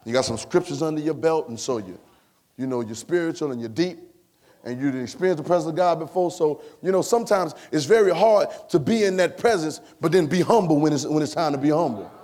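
A man preaching a sermon in church, repeating phrases and building to shouts. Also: fairly high pitch, expressive, brisk. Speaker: pastor. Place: church sanctuary.

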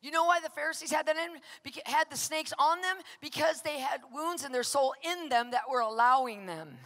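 A woman preacher giving an impassioned, emphatic sermon with personal testimony, often pressing her points to shouted peaks. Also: high voice, brisk. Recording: long hall reverb.

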